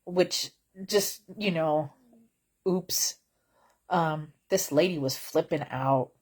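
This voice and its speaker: A woman with a husky, slightly low voice talks casually to her camera from bed at home. Her delivery is slow and unhurried, wry and blunt, wandering between topics with plenty of fillers. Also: a little mellow. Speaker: vlogger.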